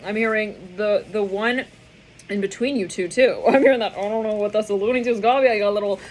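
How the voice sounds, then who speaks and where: A woman's voice: medium pitch, fairly quick, slight background noise. A woman doing a casual tarot reading who laughs often and acts out voices she hears. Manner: excitable, laughing, acting out quoted voices. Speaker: tarot reader.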